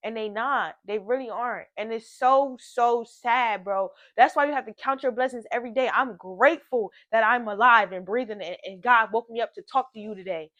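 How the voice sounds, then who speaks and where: Woman vlogger, higher register, dry close sound; casual, earnest, preachy motivational delivery. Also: moderate pace, few pauses, fairly bright tone, no room sound, dull audio. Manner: earnest, repetitive affirmations, casual slang. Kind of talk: motivational talk and music reaction vlog.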